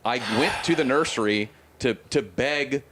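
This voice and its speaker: A man's voice: mid-range voice, normal speed, fairly bright tone. A man co-hosting a casual comedy chat, rambling through stories and acting out the people in them. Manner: rambling storyteller, acts out quotes with swearing. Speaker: podcast co-host.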